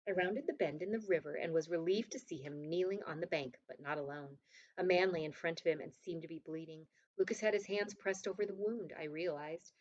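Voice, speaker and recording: Woman reading a novel, low and muffled. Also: brisk, darkish tone. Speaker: audiobook narrator. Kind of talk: first-person novel reading. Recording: dull lo-fi recording.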